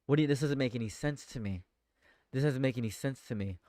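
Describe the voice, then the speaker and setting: Outraged streamer, clear close voice. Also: male voice, mid-range voice, fast talker, dry recording. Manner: exasperated, swings from shouting outrage to muttering; repeats phrases, stammers and restarts. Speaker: political commentary streamer. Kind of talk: live-stream commentary, reading news aloud.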